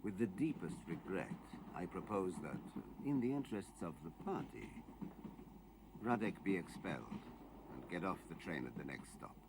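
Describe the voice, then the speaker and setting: A man's voice: low voice, big pitch swings, moderate pace. An actor playing an officious middle-aged male committee member in a TV drama, speaking formally and accusingly. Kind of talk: 1980s TV drama acting. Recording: noisy film soundtrack.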